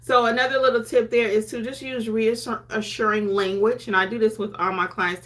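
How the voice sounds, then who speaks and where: A notary educator and YouTube host gives a casual teaching talk to camera, chatty and conversational, acting out her clients' lines. Her voice is a little high with a sharp tone, and she speaks briskly with few pauses.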